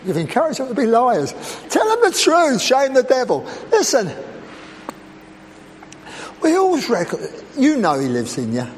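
A man delivers a humorous church sermon in a high voice that swings widely in pitch. He keeps teasing the congregation with playful asides. The sound rings with a long church reverb over a faint background hum. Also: wildly swooping pitch, moderate pace. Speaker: preacher.

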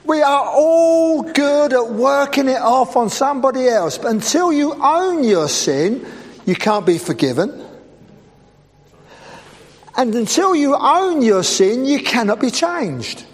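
High, lively male preacher in a hall. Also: takes it slowly. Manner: playful, teasing asides to the congregation. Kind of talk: humorous sermon. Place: church. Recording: reverberant church hall with faint background noise.

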